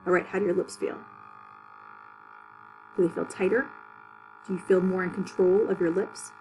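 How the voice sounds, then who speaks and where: A woman teaching a public speaking class, walking students through articulation drills with clear, exaggerated syllables and plain instructions. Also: on the low side, level tone, normal speed, noisy background.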